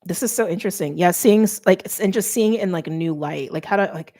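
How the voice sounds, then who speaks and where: A woman's voice: fairly low pitch, fast, mellow. A middle-aged woman giving a casual tarot reading, chatty and thinking aloud with many fillers. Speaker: tarot reader.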